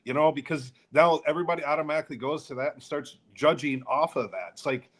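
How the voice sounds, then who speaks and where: A man's voice: fairly high pitch, quick pace, fairly bright tone. A man co-hosting a podcast, talking in a plainspoken, earnest way while interviewing a guest. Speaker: podcast co-host.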